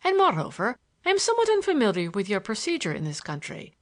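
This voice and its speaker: A woman reading an audiobook, voicing a calm, grave male Irish barrister who speaks slowly and politely. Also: on the high side. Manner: slow, polite, deliberate.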